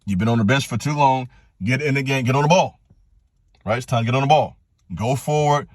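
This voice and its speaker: A man delivering a fired-up motivational monologue, hammering the same commands over and over. His voice sits at an average pitch and jumps much higher when his passion peaks. The sound is dry and close, with no room echo. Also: a little fast, a little mellow. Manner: direct, preachy, repetitive exhortations, rising to passionate pitch. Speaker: channel host giving motivational talks.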